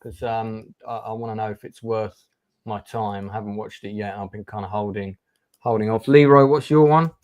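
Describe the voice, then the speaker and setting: A man hosting a casual film and TV review chat, briskly steering his panel. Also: on the low side, fairly even intonation, highs cut off. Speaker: host.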